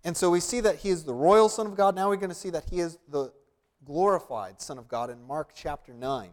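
Guy preaching in church, slightly higher voice, chatty and rambling with lots of ums. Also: a little fast. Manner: conversational, storytelling with restarts and fillers. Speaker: pastor. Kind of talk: sermon.

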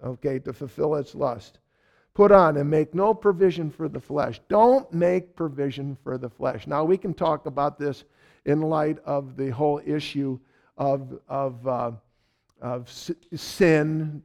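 A middle-aged man preaching a sermon, telling a personal story with lively repetition for emphasis. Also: a little high, a little slow, creaky. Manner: animated storyteller, repeats phrases for emphasis; ends in a quiet closing prayer. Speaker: pastor.

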